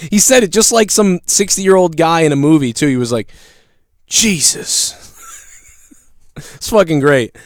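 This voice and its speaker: A man hosting his own livestream, ranting and telling stories with constant swearing. His voice sits fairly high and sounds smooth and resonant. The recording is close and dry. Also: brisk, no echo. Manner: profane, animated storyteller. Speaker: livestream show host. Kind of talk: casual ranting livestream chat.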